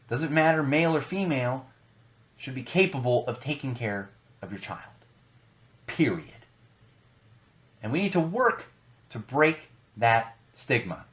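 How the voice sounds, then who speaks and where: A man's voice: a little high, a bit bright. A young adult man hosting a podcast, talking casually and emphatically, repeating words for stress. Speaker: podcast host.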